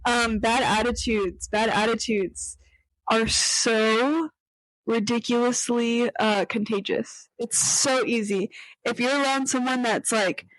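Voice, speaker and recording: A woman's voice: a little high, steady tone, slow pace, no room sound, poor audio. A young woman hosting a casual chat, talking with lots of fillers and acting out quoted voices. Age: young adult. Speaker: podcast host.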